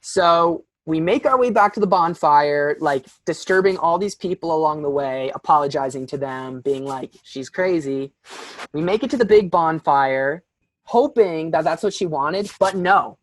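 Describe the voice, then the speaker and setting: A man's voice: fairly high pitch, normal speed, no room sound. A young man, a podcast guest, telling a story casually with lots of "like" and fillers. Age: young adult. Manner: animated, filler-heavy, frequent "like".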